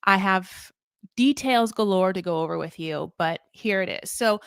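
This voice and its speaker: A woman's gravelly yet fairly bright, clean-toned mid-range voice comes through at normal speed in an echo-free studio recording. As host of a live recap, she chats casually and rambles, with plenty of fillers, tangents and self-mocking humor.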